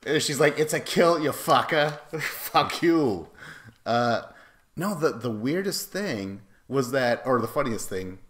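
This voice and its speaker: A man's voice: medium pitch, expressive, slow pace, a bit bright. A man co-hosting a podcast, chatting casually about a reality show with crude, profane jokes. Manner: crude, joking, profane banter. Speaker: podcast co-host.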